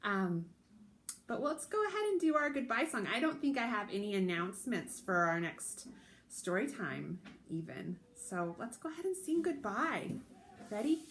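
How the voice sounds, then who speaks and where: A woman hosting a children's storytime from home, leading a sing-along with a gentle, encouraging manner. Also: mid-range voice, very animated, normal speed. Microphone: recording alone to camera.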